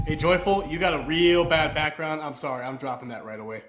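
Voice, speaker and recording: A man's voice: on the high side, steady tone, a little fast, hardly any pauses, echoey room, noisy background. A man hosting a live stream, chatting casually in a joking, sarcastic way. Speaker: livestream host. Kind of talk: casual chat.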